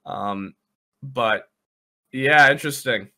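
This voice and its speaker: Canadian male co-caster, bright tone, relaxed analytical game commentary. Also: mid-range voice, slow pace. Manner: relaxed, agreeable, analytical about play. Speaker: esports commentator.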